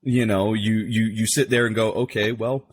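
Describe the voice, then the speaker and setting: Podcast guest: male voice actor, lower register, lively and conversational, acts out little quotes. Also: normal speed, slight background noise. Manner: animated, acts out quotes while explaining. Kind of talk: casual podcast chat.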